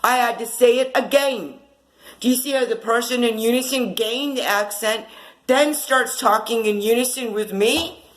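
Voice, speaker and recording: A woman's voice: a little high, normal speed, low-quality recording. A woman speaking into a phone in a rambling monologue, with an insistent, aggrieved tone and long run-on sentences.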